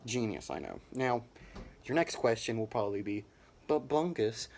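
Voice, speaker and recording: A young man giving a rambling, absurd mock campaign speech in a deadpan, blustering way. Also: fairly low pitch, moderate pace, creaky, a little hiss or hum. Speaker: comedian.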